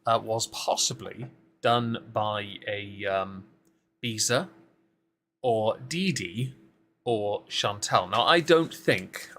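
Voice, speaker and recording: A man streams live commentary, chatting casually with dry, sarcastic asides and plenty of ums. His voice sits fairly low but comes across bright and forceful. A faint hiss of noise sits behind him.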